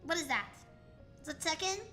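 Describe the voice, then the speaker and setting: High bright-voiced american girl streamer, chatty and teasing, bit of music in the background. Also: lively intonation, moderate pace. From United States. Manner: chatty, questioning, playful teasing. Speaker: VTuber streamer. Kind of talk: casual livestream chat reading chat aloud. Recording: faint music behind.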